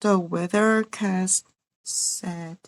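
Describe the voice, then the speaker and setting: A woman with a Korean accent practicing English sentences in halting, careful repetitions. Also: medium pitch, steady tone, dry recording. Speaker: English teacher acting as a beginner learner. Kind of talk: pronunciation practice.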